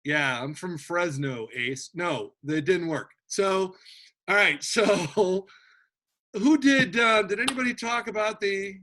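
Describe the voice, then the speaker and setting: A man teaching history takes a casual, animated approach, joking around and restarting sentences often. For a man, his voice is high and bright. He uses quick side remarks to keep the class engaged.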